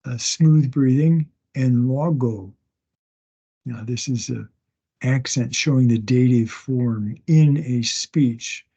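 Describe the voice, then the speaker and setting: A man teaches a class over an online meeting from his home, taking his time and repeating words as he sounds them out. His voice is low in brightness and has a husky, gravelly texture. The meeting audio sounds dull and lo-fi. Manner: slow, halting, with many restarts and fillers. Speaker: instructor. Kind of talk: recorded class lecture. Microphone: online meeting recording.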